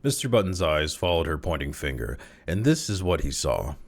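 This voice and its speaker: Deep-voiced man reading a story. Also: very animated, moderate pace. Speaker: narrator, audiobook reader.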